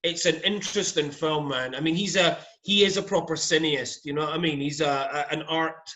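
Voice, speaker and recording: A man with a Glasgow accent, a podcast guest, talking in a relaxed, rambling way with dry asides. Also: a little high, a little fast. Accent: Scottish (Glasgow). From Scotland. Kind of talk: casual chat.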